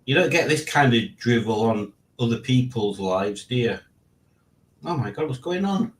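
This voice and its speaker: A man's voice: mid-range voice, expressive, moderate pace, a little hiss or hum. A man in his late forties hosting a casual live stream, rambling and reading out chat with self-mocking asides. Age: 40s.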